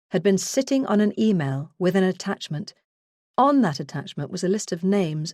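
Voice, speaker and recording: Woman narrator for a first-person true crime audiobook: low voice, measured and earnest, close and dry. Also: warm tone, no echo.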